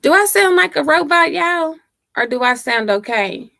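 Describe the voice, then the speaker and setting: A woman's voice: high-pitched, expressive, moderate pace, vocal fry, pushed and bright, dry recording, low-quality recording. A woman hosting a casual livestream, reading out viewer comments and greeting them by name. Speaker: livestream host.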